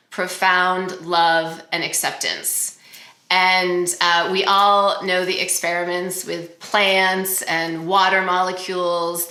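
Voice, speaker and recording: A woman speaks slowly and gently in a reflective spiritual self-help talk, often pausing on fillers. Her voice is bright and a little low. The room gives it a noticeable echo. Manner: gentle, earnest, halting with fillers. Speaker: host. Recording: roomy echo.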